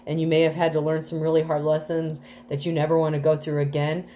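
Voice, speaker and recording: A woman's voice: low-pitched, completely flat delivery, quick pace, dark tone, a little hiss or hum. A woman giving a casual tarot reading to the collective, rambling with many fillers, swearing freely and getting emotional. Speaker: tarot reader.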